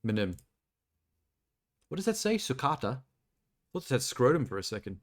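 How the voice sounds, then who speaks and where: A man's voice: medium pitch, sing-song, a little fast. A young man live-streaming, chatting casually and making crude jokes while browsing trailers. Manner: joking, crude, rambling commentary.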